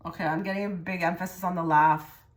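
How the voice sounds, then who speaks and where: A woman's voice: lowish voice, steady tone, fast talker. Rambling woman giving a tarot reading. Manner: rambling and repetitive, often trailing into soft murmured phrases. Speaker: tarot reader. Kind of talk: pick-a-card tarot reading.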